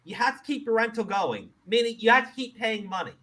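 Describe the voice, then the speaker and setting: High animated guy ranting, swearing constantly, super exasperated. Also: a little fast. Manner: profane, exasperated, emphatic ranting. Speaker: commentary show host. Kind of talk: ranting commentary.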